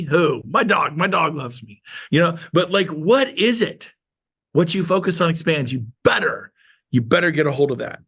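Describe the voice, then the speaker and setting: A man leading a real estate team meeting with a motivational talk, emphatic and repetitive, slowing down to stress his points to a live audience. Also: a little high, expressive, a bit bright, slightly rough.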